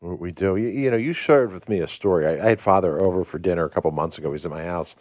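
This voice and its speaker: A male host with a low, deep voice chats casually and drops in short supportive remarks. The sound is close and dry. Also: very fast, darkish tone, dry recording. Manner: brief supportive interjections. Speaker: radio host. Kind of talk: casual chat.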